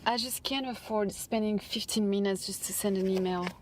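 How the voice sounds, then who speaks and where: A woman's voice: mid-range voice, moderate pace, background noise. A woman in a casual vlog, talking to herself in a tired, chatty way from inside her car. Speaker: vlogger.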